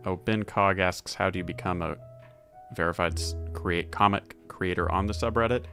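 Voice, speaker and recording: Low, gravelly male co-host, dry and matter-of-fact, handling viewer questions over faint music. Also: moderate pace, fairly bright tone. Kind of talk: casual livestream Q and A.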